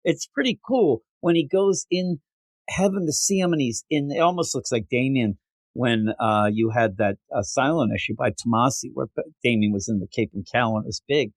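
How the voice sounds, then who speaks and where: A man co-hosting a casual comic book review podcast, animated and acting out characters' lines in quick voices. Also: mid-range voice, dry recording. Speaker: podcast co-host.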